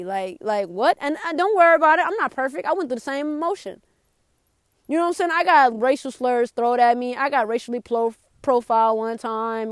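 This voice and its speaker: A high-pitched young woman hosts a motivational podcast in a blunt, profane, animated way. She mocks whiners in a put-on whine and then snaps back. Her voice sits close and dry on the mic. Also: smooth, no room sound. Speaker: podcast host. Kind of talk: motivational talk.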